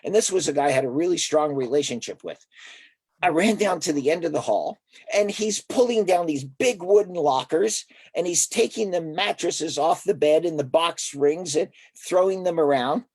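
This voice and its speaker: An older man with a husky, somewhat high voice tells stories as a therapist in an interview. He acts out each character's lines as he goes. The sound is dry and close, with no room around it. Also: moderate pace, no room sound. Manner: animated storyteller who acts out quoted dialogue. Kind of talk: conversational storytelling in an interview.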